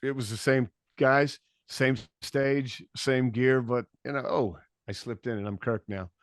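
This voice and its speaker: A man's voice: medium pitch, fairly even intonation, unhurried, dry recording, studio quality. A man, a podcast guest and touring musician, telling stories in laid-back casual chat with frequent restarts and swearing.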